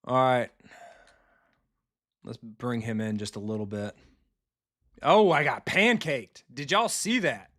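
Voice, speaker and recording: A man streaming a football video game live, talking casually and bluntly with his viewers and reacting quickly to the plays. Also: medium pitch, expressive, a bit bright. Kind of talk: live gameplay commentary, chatting with viewers.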